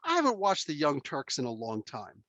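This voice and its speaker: A man hosting a casual podcast chat, telling stories in an animated, emphatic way and swearing freely. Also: a little high, brisk, dry recording, highs cut off. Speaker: podcast host.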